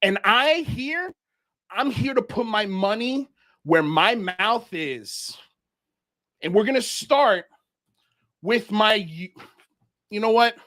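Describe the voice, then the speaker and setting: A man's voice: high voice, expressive, slow, pauses often, pushed and bright. A man from Miami hosting a livestream, ranting in heated commentary as he calls people out. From Miami, United States. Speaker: show host.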